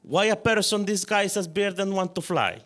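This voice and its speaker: A man voicing a gruff, blunt older uncle with a rough accent and broken English, read aloud from a story. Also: mid-range voice, measured pace, sharp tone. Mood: irritated. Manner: curt, dismissive.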